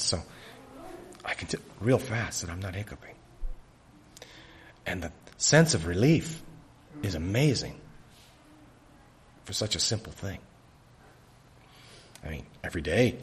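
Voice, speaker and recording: Preacher, male, lowish voice, earnest and halting, hiccups throughout, raw throat. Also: slight background noise. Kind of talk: sermon.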